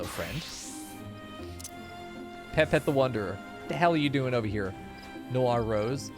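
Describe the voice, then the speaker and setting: A man streaming a game, joking and swearing freely as he chats with his viewers. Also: mid-range voice. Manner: profane, joking, talks to chat. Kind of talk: casual live-stream chatter. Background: game music.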